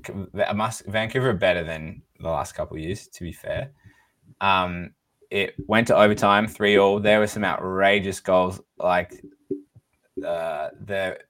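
Give me a low male podcast host, telling hockey stories casually with lots of swearing. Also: fairly bright tone. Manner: swearing, laughing storyteller. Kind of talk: casual chat.

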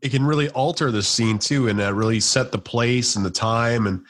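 A man hosting a podcast who asks relaxed, plain questions in casual conversation. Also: mid-range voice, normal speed. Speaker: podcast host.

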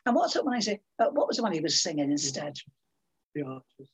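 An older woman telling lively anecdotes as an interview guest, theatrical and calling people dear and my love. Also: mid-range voice, racing, husky.

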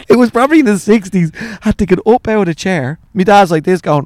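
A man's voice: high voice, fast, few pauses, a little mellow, dry recording, clean studio sound. A man with an Irish accent, in his forties, telling swearing, laughing anecdotes about his family in a casual interview. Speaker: guest, author.

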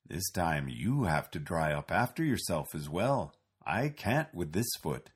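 Deep, husky, gentle old man voiced by the male narrator, low-key and weary. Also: sing-song, a little slow, full character voice. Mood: calm weary.

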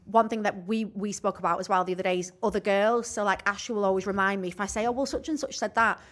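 A young woman co-hosting a chatty podcast, talking with a slight lisp from a brace, animated and quick to laugh and swear. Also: medium pitch. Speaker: podcast co-host. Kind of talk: casual chat.

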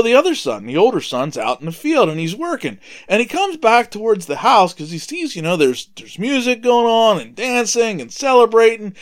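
Male podcast host, casual Bible storyteller, high-pitched, very lively delivery. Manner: conversational, animated, with asides.

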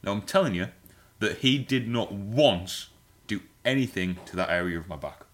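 A man's voice: lowish voice, expressive, moderate pace, a bit bright. A man co-hosting a podcast, telling a rambling, comic story with swearing and frequent laughs. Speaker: podcast co-host. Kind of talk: casual comedic chat.

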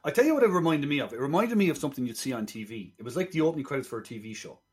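A man's voice: mid-range voice, animated, racing, darkish tone. A man co-hosting a film podcast, rambling through a plot retelling in casual review chat.

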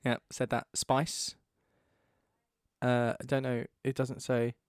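A man co-hosting a podcast in casual chat, animated, swearing and laughing a lot. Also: mid-range voice, takes it slowly, clean tone, dry recording, studio quality. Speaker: podcast co-host. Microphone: podcast microphone.

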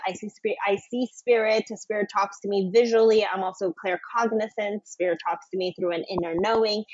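A woman telling a personal story as a podcast guest, earnest and emotional, sometimes dropping to a soft whisper. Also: mid-range voice, dry recording. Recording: dull, lo-fi sound.

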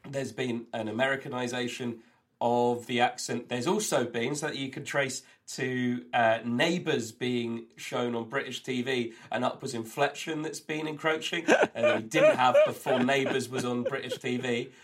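A man's voice: mid-range voice, expressive, normal speed. Rambling man sharing trivia on a podcast. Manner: rambling, enthusiastic trivia-sharing with many fillers. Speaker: co-host. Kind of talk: comedy podcast chat. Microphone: remote call, recorded on own end.

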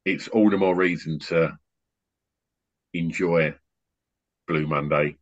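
A middle-aged man hosting a podcast on a video call, a rambling, animated storyteller who often restarts his sentences. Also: very deep voice, slow pace. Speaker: podcast host and DJ. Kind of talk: casual chat on an online call. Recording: muffled lo-fi online call audio.

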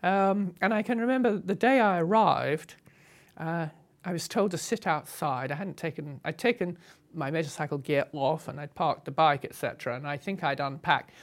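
An older woman from Britain recounting travel memories in a lively, humorous way. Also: low voice, normal speed. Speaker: storyteller. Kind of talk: recounting a memoir.

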